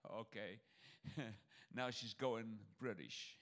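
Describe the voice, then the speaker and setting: A man's voice: medium pitch, moderate pace. A man preaching a sermon, pressing his points with repetition and calling on the church. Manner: emphatic preaching, swings between loud calls and near-muttered asides.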